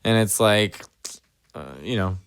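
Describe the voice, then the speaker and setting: Campy, chatty man with a bright voice. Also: fairly low pitch, fairly even intonation, unhurried, clean tone. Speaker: comedian guest. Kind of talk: casual podcast chat. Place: recording studio.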